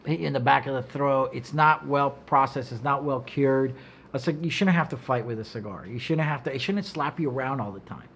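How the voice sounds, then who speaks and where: A middle-aged man, a cigar maker, talking in a casual chat as a guest, blunt and profane, telling stories with animation. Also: medium pitch. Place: office.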